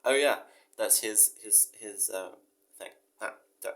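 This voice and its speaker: A man with a fairly low voice talks to camera at home in a loose, meandering way. He mocks himself, swears freely and laughs at his own tangents. Now and then he reads passages of his own story aloud. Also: unhurried, vocal fry, a bit bright. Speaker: professor and musician. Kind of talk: rambling casual monologue and reading his own story aloud.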